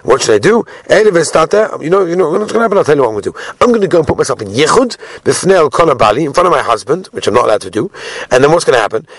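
A man giving a daily Talmud class, animated, mixing Hebrew phrases into English and asking rhetorical questions. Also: fairly high pitch, dry recording. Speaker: Talmud teacher.

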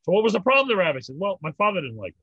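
Older rabbi, husky, telling jokes. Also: male voice, high voice, sing-song, rapid-fire, dry recording, dull audio. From North America. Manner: rambling, repeats words, tells old jokes with laughs. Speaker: rabbi, interview guest. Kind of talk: storytelling conversation.

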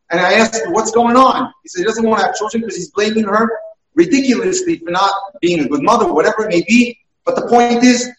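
A man's voice: sits high, fairly bright tone, distant mic. Man recounting cases in an echoey room. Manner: anecdotal, storytelling cases. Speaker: dating mentor. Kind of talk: talk. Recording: echoey room, voice away from mic.

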